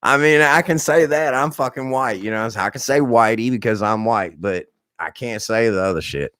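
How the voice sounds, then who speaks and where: A man in his thirties, a bit hoarse, telling rambling stories on his live stream in a blunt, profane, animated way. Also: mid-range voice, normal speed, no room sound, studio quality. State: slightly hoarse. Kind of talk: rambling casual storytelling.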